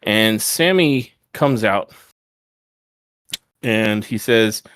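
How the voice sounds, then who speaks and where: A man's voice: lowish voice, very slow, a bit bright, no echo. A man hosting a podcast, casually recapping a wrestling show step by step on a close mic. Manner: retells events step by step, quoting wrestlers. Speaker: podcast host.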